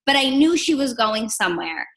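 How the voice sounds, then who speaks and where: A young woman from New Jersey, a guest on a training call, telling her story in an animated, chatty way. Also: a little high, moderate pace, rough recording. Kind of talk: casual storytelling.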